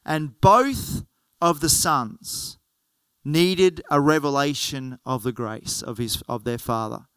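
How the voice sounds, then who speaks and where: A man preaching a storytelling sermon and acting out each character. His voice sits high and sounds smooth and resonant. The recording is dry and close. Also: slow, a bit bright, no room sound. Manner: storytelling, earnest, acts out the characters.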